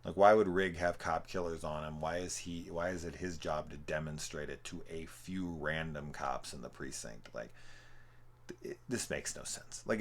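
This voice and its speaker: Deep voiced young dude rambling thru a movie review, swears a lot, says like constantly. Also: male voice. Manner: rambling, profane, full of "like". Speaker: film reviewer. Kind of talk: casual movie review commentary.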